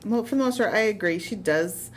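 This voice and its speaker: A woman's voice: mid-range voice, brisk, slight background noise. A woman co-hosting a movie podcast in casual chat, rambling with fillers and frequent laughs. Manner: chatty, laughs often, filler-heavy. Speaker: podcast co-host.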